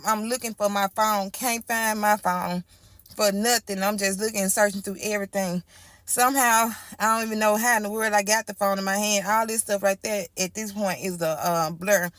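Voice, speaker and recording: A woman's voice: mid-range voice, fairly bright tone, dry recording. A woman telling her own story in casual storytime style, chatty and repetitive, talking straight to her listeners. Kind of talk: casual first-person storytime.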